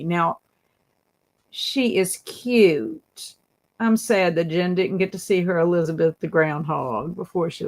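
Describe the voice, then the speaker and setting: A woman's voice: lowish voice, vocal fry. A woman hosting a casual livestream, chatting and reading viewer comments aloud, laughing often. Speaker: livestream host.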